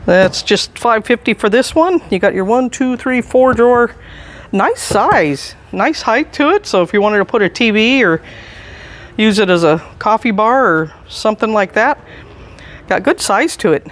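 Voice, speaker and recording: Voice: medium pitch, animated, moderate pace. A chatty, enthusiastic staff member giving a casual walking tour indoors in a large antiques mall. They chuckle often and are recorded on a handheld camera while walking.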